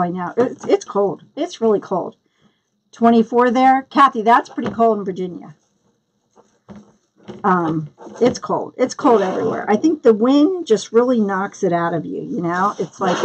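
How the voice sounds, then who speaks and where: A woman's voice: mid-range voice, darkish tone, husky. A middle-aged woman hosting a live craft tutorial, chatting casually and greeting viewers by name as she works. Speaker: crafting livestream host.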